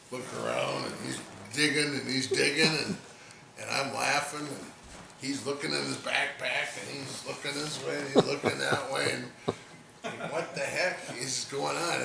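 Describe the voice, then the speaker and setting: A man's voice: mid-range voice, creaky. A man telling a rambling hunting story in an interview, laughing as he goes. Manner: rambling, laughs through his own story. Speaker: deer camp hunter telling stories. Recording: echoey room with background noise.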